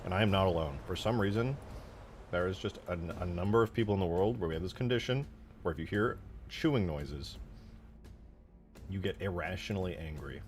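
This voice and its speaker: A man's voice: low-pitched, a little fast, soft background music. A young man streaming while he mods a game, casually ranting and swearing as he talks to his chat.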